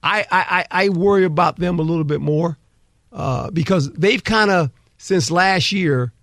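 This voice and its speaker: Older male ex-coach guest, lively storyteller, high bright voice, dry studio sound. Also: measured pace, dry recording. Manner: animated storyteller, lively, repeats words. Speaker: former coach, guest analyst. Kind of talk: casual sports talk.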